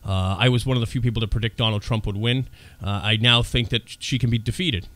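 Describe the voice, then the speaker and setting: A man's voice: mid-range voice, steady tone, fast, a bit bright. A man hosting a radio talk show in the studio, chatting with a guest and joking at his own expense. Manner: chatty, self-deprecating banter. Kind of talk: radio interview.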